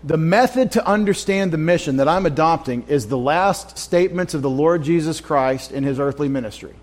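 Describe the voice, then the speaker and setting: Male Bible teacher, slightly high voice, relaxed conversational delivery with anecdotes and audience questions. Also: normal speed. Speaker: pastor. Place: church.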